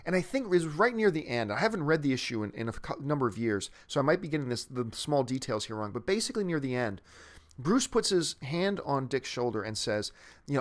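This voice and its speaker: Animated, enthusiastic man hosting a movie chat. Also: mid-range voice, fairly quick. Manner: enthusiastic, rambling, frequent restarts. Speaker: host of a movie news show. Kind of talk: casual chat answering a viewer question.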